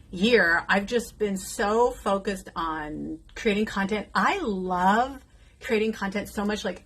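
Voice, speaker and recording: Her voice is mid-range, fairly bright and husky. A beauty content creator in her fifties, she does her makeup while chatting casually with viewers, addressing them directly in an emotional, outrageous and outspoken manner.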